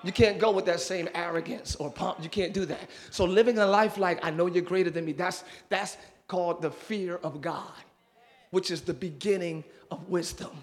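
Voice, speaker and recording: A middle-aged man preaching a sermon in church as pastor. He moves from calm teaching to shouted, fervent preaching and breaks in with whoops and jokes for the congregation. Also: high-pitched, normal speed. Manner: interjects "woo" and jokes with the congregation.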